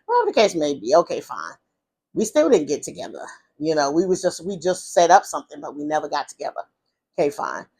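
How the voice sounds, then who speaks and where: A woman's voice: low-pitched, big pitch swings, fast, darkish tone, slightly rough. A woman, casually telling a personal story, rambling and restarting often. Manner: rambling, with many restarts and repeated "whatever the case may be". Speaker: vlogger.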